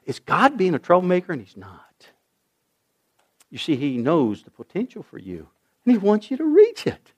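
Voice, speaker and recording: Male pastor, high voice, very lively delivery, preaches with big swings from shouts to hushed asides. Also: moderate pace, pauses often. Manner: animated preaching, rising to shouts, dropping to near whispers. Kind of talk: sermon.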